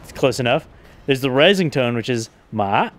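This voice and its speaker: A man's voice: medium pitch, fairly quick. A man from California co-hosting a casual gaming chat, patiently explaining things, teasing his friend and laughing often. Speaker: co-host.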